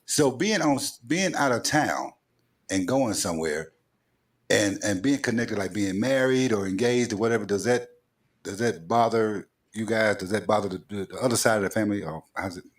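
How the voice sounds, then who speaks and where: A man's voice: fairly low pitch, moderate pace. A man with a Southern accent hosting a casual interview, playful and rambling, repeating his phrases as he goes. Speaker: talk show host.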